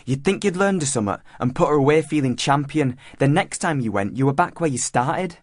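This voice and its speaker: A man's voice: medium pitch, normal speed, a little mellow, dry recording, clean studio sound, natural voice. A man voicing a defiant working-class teenage boy with a Yorkshire accent, blunt and eager. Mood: earnest. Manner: blunt, eager, dialect-heavy.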